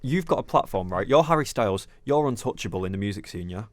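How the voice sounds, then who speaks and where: Young male podcast host, fired-up and sweary; slightly low voice, dry recording. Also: expressive, fast talker, no room sound. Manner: ranting, heated, sweary. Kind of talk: casual chat.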